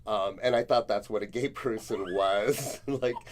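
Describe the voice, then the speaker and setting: A man's voice: fairly low pitch, unhurried, a little hiss or hum. A middle-aged man from the Los Angeles area, a guest in a casual interview, telling stories in a laid-back way with many fillers and laughs.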